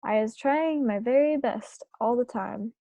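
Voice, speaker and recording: A big, kindly, very old giant, as a woman puts him on for a storybook reading, earnest and muddled, tumbling his words about. The voice is fairly high, with a mellow tone and a gravelly fry underneath. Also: measured pace, no room sound. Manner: garbled grammar, loud and earnest.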